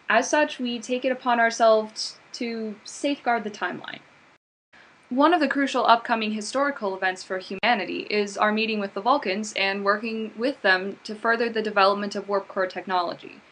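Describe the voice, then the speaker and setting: A woman's voice: medium pitch, fairly quick, a bit bright, breathy edge. A woman playing an earnest female mission briefer who explains things in a matter-of-fact way.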